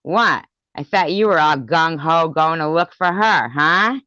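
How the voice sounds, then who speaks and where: A vlogger vents in an angry rant, profane and confrontational, taunting and hammering points home with repeated words. Her low voice is smooth, clear, and bright, with a forceful tone and a slow, deliberate pace. The recording is dry and dull, with a lo-fi sound.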